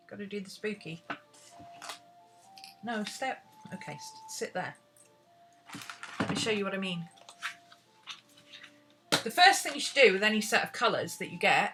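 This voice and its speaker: A British woman teaching painting in a casual, rambling tutorial, chatting and talking to herself as she works. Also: mid-range voice. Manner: chatty, rambling, talks to herself while searching. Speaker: art teacher.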